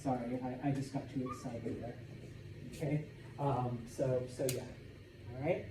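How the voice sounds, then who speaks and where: A man teaching a Spanish class, lecturing in a lively way and often checking in with "okay?". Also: medium pitch, measured pace, noisy background. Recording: echoey classroom from far off.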